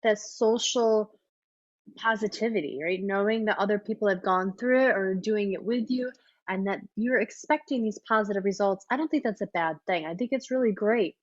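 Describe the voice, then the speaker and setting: A woman leading a long workshop, talking in a chatty, enthusiastic way with lots of fillers, her voice a little hoarse. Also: mid-range voice, normal speed, no echo, lo-fi sound. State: slightly hoarse, losing her voice. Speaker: workshop leader. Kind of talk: teaching a live online workshop.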